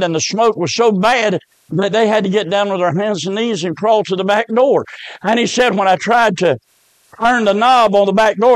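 A man preaching a fiery revival sermon, emphatic and rising to shouts on key words. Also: high voice, dry recording.

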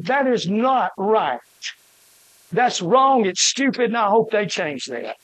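High-voiced older preacher, emphatic. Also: male voice, very animated, slow pace, no echo, low-quality recording. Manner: emphatic, shouting peaks, sharp rhythmic lists. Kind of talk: fiery sermon.

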